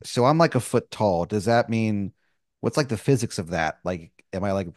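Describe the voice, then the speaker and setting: A man's voice: lowish voice, expressive, normal speed, dry recording, clean studio sound. A man playing along in an improvised game, asking hesitant, playful questions. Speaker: player. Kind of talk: improvised role-play as a player.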